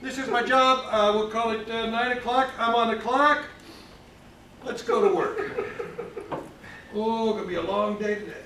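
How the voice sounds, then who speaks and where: A man from Ohio doing stand-up, delivering deadpan, self-mocking one-liners. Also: very high-pitched, moderate pace, pauses often, recorded from a distance. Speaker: stand-up comic. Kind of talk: stand-up comedy set. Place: comedy club stage. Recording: roomy club, off-mic, clear noise.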